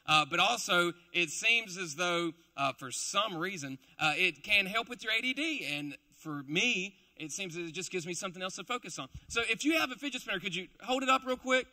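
A man's voice: sits high, animated, a little fast, hardly any pauses, pushed and bright. A young man preaching a casual, joking sermon to a live congregation, with playful asides. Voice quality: chatty, playful, self-deprecating asides. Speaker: preacher, also a school teacher.

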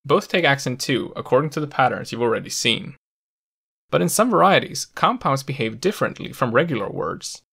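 A man narrating a scripted language lesson, explaining clearly with the odd playful aside. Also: medium pitch, very animated, brisk, a bit bright. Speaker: language educator.

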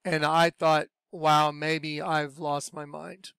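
A man telling his personal religious testimony in a lively storytelling way, acting out what he said back then. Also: fairly high pitch, slow, vocal fry, clear, resonant tone, dry recording, studio quality. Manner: animated storyteller, acts out his own past voice. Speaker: speaker sharing a religious testimony.

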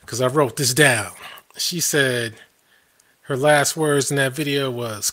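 A man's voice: mid-range voice, unhurried, pushed and bright. A man hosting a live stream, ranting in a combative, scoffing way and laughing at his own points.

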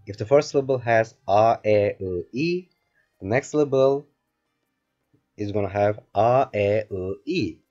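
A man teaching a beginner language lesson online, going over the rules patiently and slowly and checking in often with his learners. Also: on the low side, darkish tone, muffled recording, faint music behind. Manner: patient, slow drilling, keeps asking "remember?".

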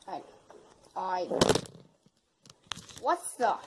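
Playful lady narrating toy play, slow, big pitch swings, faint hiss behind. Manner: playful, dramatic, jumps between whispers and excited shrieks.

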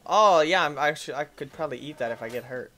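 A man hosting a gaming channel, giving playful, excitable let's-play commentary and talking back to the enemies on screen. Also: fairly high pitch, fast.

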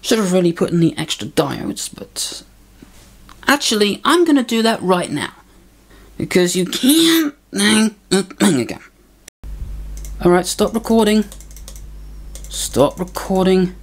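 A woman's voice: fairly low pitch, very animated, slow pace, pauses often. A woman rambling casually in a vlog while fiddling with her camera and gear, grumbling and mocking herself. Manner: grumbling, self-mocking muttering. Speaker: video maker.

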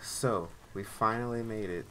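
A woman playing a horror video game and commenting, swearing at it, swinging from low mutters to loud yells. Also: takes it slowly. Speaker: gaming video host. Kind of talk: let's play commentary. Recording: game audio noise behind.

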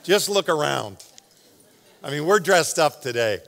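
A man preaching a sermon as pastor, in a relaxed, joking, conversational way. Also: on the high side, measured pace, gravelly. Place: large church sanctuary. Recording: long hall reverb.

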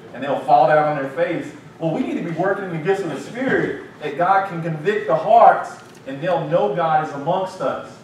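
A man, a pastor, leading a Bible study and teaching in an animated, lively way with acted-out asides. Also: fairly high pitch. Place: church sanctuary. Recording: echoey room, distant mic, faint hiss.

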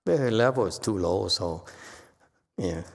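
Monk, male, gravelly mid-pitched voice, lively lecture style in a reverberant hall. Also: a little slow. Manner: animated storytelling, acting out quotes. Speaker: Buddhist monk lecturing on a sutra. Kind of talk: informal sutra lecture.

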